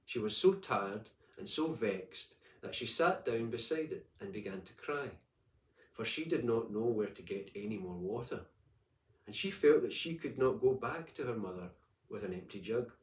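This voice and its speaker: A man's voice: lowish voice, animated, moderate pace. Man reading a folk tale in an echoey room. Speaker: audiobook reader. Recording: echoey room, distant mic.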